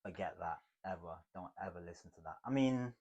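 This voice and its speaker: A slightly low-pitched man coaching viewers on how to speak. He talks emphatically, jumping from punchy loud lines to quiet, hushed ones. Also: a little fast, dull audio. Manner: emphatic, swings between loud and hushed delivery. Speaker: communication coach. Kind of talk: motivational teaching to camera.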